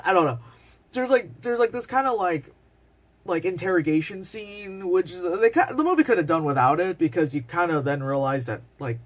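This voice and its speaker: Rambling woman reviewing a movie. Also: sits low. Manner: rambling, full of "like" and swearing; excitable, acts out scenes in voices. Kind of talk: casual spoken movie review. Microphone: phone.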